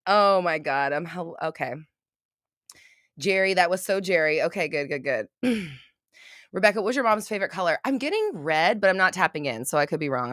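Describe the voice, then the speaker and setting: A woman hosting a casual livestream and doing intuitive readings for her chat, rambling, swearing freely and breaking into loud laughter. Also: fairly low pitch, no room sound, clean studio sound.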